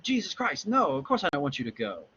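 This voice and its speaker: A man's voice: on the high side, wildly swooping pitch, quick pace, bright, forceful tone, slight background noise, pitched above the performer's own voice, full character voice. A male lecturer voicing an awkward middle-aged man from a graphic novel, hesitant and fumbling over his words, on a dull recording.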